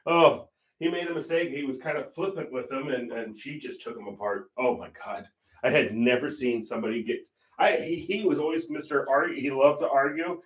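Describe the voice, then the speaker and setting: A man's voice: mid-range voice, brisk, a bit bright, far from the mic. An older man hosting a painting livestream, telling stories in casual chat and laughing often. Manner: chatty storyteller, laughs often. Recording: roomy echo.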